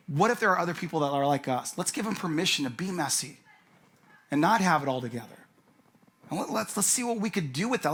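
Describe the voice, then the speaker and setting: A man's voice: a little high, fairly bright tone. Candid conversational man preaching. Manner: conversational, candid, addresses crowd as guys. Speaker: pastor. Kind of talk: sermon.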